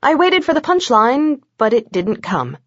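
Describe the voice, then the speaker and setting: A woman's voice: fairly high pitch, very animated, unhurried, no echo. A woman narrating a first-person audiobook with a wry, sarcastic manner. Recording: dull dry lo-fi recording.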